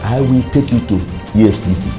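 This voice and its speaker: An actor with a Nigerian accent playing a stubborn, suspicious older landlord in a comedy skit, loud and indignant. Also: male voice, medium pitch, brisk, soft background music, close to an everyday voice.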